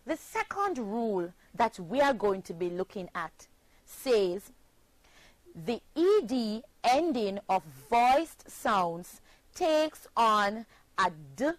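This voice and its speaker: A woman teacher from Jamaica giving a scripted spelling lesson, speaking slowly and spelling words out letter by letter. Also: mid-range voice, animated, dry recording, rough recording.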